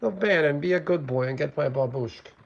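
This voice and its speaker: A man's voice: a little high, fairly quick, vocal fry, muffled recording. A man doing a stern woman with a put-on Slovenian accent. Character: haughty woman with a thick Eastern European accent.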